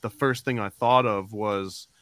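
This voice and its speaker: A man's voice: fairly low pitch, steady tone, a little slow, a bit bright, clear, resonant tone. A man hosting a podcast interview, asking long rambling questions full of fillers. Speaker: podcast host.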